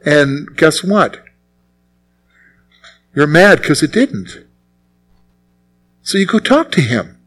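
A man's voice: fairly high pitch, big pitch swings, slow pace, long pauses, fairly bright tone, poor audio. A man preaching a sermon as pastor, emphatic and repeating his key phrases.

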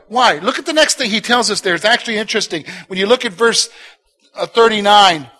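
A man pastor preaching a sermon, swinging between loud urging and hushed, intimate talk and repeating short exhortations. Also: sits high, a little fast.

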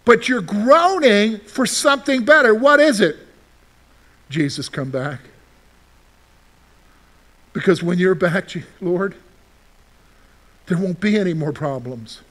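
A male pastor preaching a sermon in a lively way, often putting rhetorical questions to the congregation. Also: high-pitched, takes it slowly, long pauses.

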